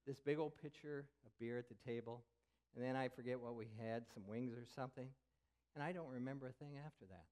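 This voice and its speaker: Older male pastor, mid-pitched, sermon delivery, candid confessional storytelling. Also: brisk, a little mellow. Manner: candid storytelling, drops to a whisper for effect.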